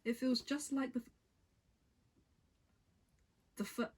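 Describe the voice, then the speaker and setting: A woman's voice: high voice, steady tone, takes it slowly, a little mellow, husky. A woman reading a novel aloud for her vlog, stumbling over lines and breaking off to chat and giggle. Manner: stumbling, giggly, self-interrupting. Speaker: book vlogger reading aloud. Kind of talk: casual read-aloud vlog.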